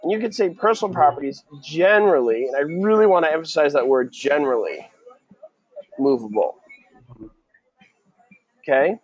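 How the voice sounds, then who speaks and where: A man's voice: fairly high pitch, animated, brisk, long pauses, slightly rough, no echo, dull audio. A man tutoring a student for a real estate exam in a casual question-and-answer session, quizzing and encouraging.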